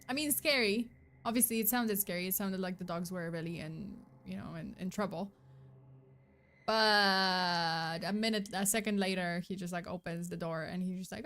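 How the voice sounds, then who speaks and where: A woman's voice: fairly low pitch, normal speed, fairly bright tone. A woman streamer casually commenting on videos, rambling with many fillers and self-corrections. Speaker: streamer host.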